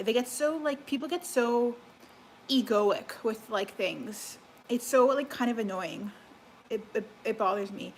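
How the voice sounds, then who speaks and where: A young woman from Alberta with a Canadian accent, chatting to her live-stream viewers from home. Her voice sits a little high, and she rambles with fillers and restarts. Faint room ambience hums under the talk. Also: a little slow, a little hiss or hum, poor audio. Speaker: livestreamer. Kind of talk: casual live-stream chat. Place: home kitchen, cooking.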